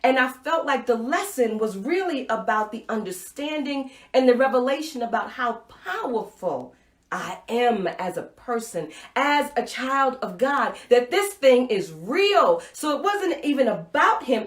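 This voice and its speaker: Woman host, live-stream inspirational talk, animated storyteller, higher voice, echoey room. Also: normal speed. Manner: animated storytelling, acts out her own reactions; drops to a soft, intimate voice for key points. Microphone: Facebook Live stream, webcam or phone mic.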